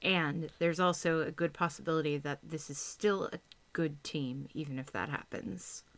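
A woman's voice: low-pitched, normal speed, dry recording. A woman co-hosting a casual sports podcast, talking with dry, playfully sarcastic humor. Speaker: podcast co-host.

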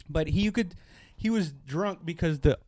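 A man telling a story in casual chat, animated and profane, acting out the people in it. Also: on the high side, slight background noise.

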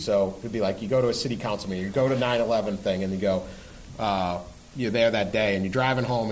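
A man's voice: on the low side, slight background noise, low-quality recording. A man who is a guest sports columnist on a podcast, talking before a live audience in a rambling way with restarts and emphatic swearing.

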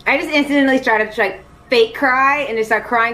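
A woman's voice: sits high, normal speed, bright, forceful tone. A woman playing a tabletop game, talking playfully and giggling often. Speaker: player. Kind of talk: casual game chat.

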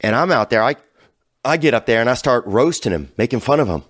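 A man hosting a casual talk show, telling a rambling, profane story that drifts from low mutters to loud hyped bursts. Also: animated, brisk, no echo, clean studio sound. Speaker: podcast host.

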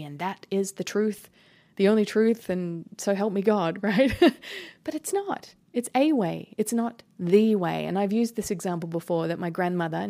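An Australian woman talks through a motivational self-help podcast in an earnest, encouraging way, often breaking into a laugh. Her voice sits on the lower side with a mellow, unforced tone, and it turns gravelly and fried at the bottom of her phrases. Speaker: podcast host. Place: rented holiday flat.

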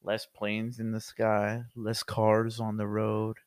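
A man's voice: on the low side, monotone, slow, no echo. Loose, profane man chatting on a podcast. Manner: loose, profane, joking banter. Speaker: podcast co-host. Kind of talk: casual podcast chat. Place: home in Florida.

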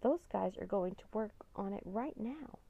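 A woman voicing an eager, curious young boy who asks excited questions. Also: mid-range voice, unhurried, gravelly, no echo.

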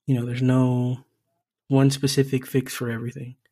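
A young man co-hosting a podcast, talking in a laid-back, halting way full of fillers. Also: medium pitch, monotone, warm tone. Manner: laid-back, halting, lots of "you know". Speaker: podcast co-host. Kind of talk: casual podcast chat.

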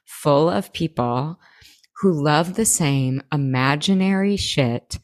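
Low-voiced, gushing woman podcast co-host. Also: slow pace. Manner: enthusiastic, gushing, swears casually. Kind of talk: casual chat.

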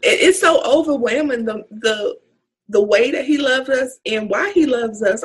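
A woman's voice: high-pitched, lively intonation, normal speed, breathy edge, low-quality recording. A woman co-hosting a faith podcast, talking casually and earnestly. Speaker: podcast co-host.

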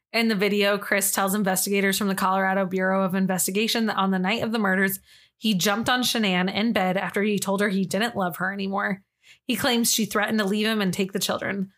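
Woman co-host for a true-crime podcast, mid-pitched, reads case notes and then gives her frank view. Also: flat delivery, a little fast, a bit bright. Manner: reads case details then gives blunt, disgusted opinions.

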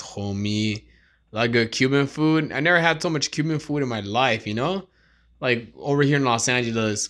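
A man's voice: medium pitch, moderate pace, fairly bright tone. A man in his thirties hosting a podcast in casual chat, rambling, slangy and profane. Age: 30s. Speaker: podcast host.

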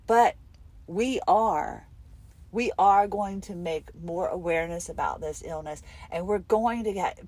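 A middle-aged woman talks candidly into her recorder while on the road between appointments. Her talk is rambling and emotional, with a voice pitched in the middle range. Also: darkish tone, breathy edge. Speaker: podcast host. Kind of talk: casual spoken diary.

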